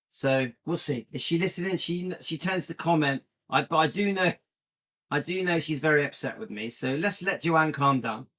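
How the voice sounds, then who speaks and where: A man speaks straight to his online audience, repeating himself for emphasis. His voice sits a little higher than most men's. It is casual, unscripted channel talk aimed directly at viewers. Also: fairly bright tone. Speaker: YouTube channel host.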